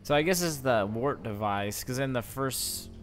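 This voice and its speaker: A young gaming YouTuber records let's play commentary, reading the on-screen questions aloud and reacting with exclamations. His mid-range voice is animated and moves at normal speed over soft background music.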